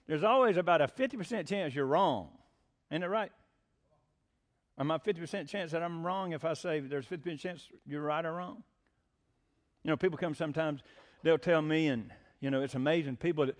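A man preaching a sermon, asking the congregation questions and acting out short quoted exchanges. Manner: lively, swinging pitch, acts out quotes. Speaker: pastor.

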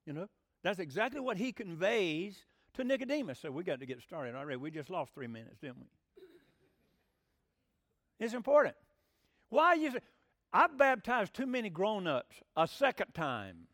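A man's voice: high voice, creaky, fairly bright tone, no room sound, studio quality. A middle-aged man, a pastor teaching a Bible lesson in an emphatic sermon style and asking the congregation questions.

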